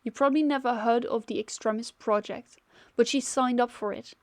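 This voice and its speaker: A woman's voice: fairly high pitch, steady tone, brisk, no echo, natural voice. A woman reading as an earnest father. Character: worried father revealing a long secret.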